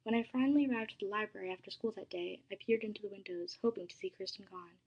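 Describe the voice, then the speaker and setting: A woman narrating a first-person story in a soft, dramatic reading voice that drops to a hush at times. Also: medium pitch, fast, husky, highs cut off.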